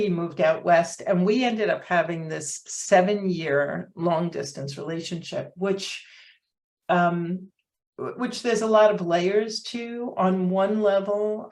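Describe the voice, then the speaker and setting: A woman's voice: lowish voice, creaky. A woman in her fifties, a coach, telling her story as an interview guest in an earnest, reflective way, with many fillers.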